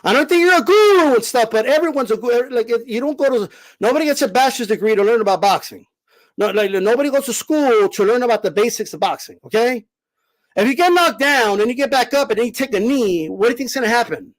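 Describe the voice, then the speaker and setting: Host, male, very high voice, emphatic and lecturing, raises his voice and drives each point home by repeating it. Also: expressive, quick pace, low-quality recording. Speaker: boxing commentator host. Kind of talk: live-stream commentary answering chat.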